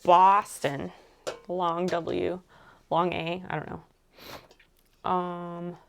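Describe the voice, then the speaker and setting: A young adult woman streaming while she crafts, chatting casually and rambling softly as she thinks aloud. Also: fairly low pitch, flat delivery, very slow, vocal fry, noisy background.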